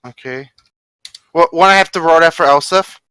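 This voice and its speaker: A man's voice: on the high side, normal speed, sharp tone, smooth, no room sound. A man playing a tabletop game, hesitant and thinking aloud about what his characters do. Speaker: player. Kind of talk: casual tabletop play.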